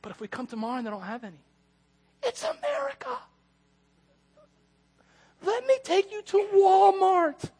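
A man voicing his small elderly grandmother, excitable and hoarding, exclaiming in a slow, drawn-out way. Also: extremely high pitch, pitched above the performer's own voice, heavily acted. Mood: excited.

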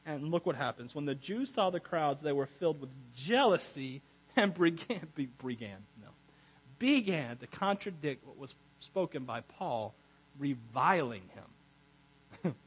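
A man preaching a sermon as pastor, animated, laughing often and breaking into chatty asides. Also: on the high side, a little slow, slightly rough, low-quality recording.

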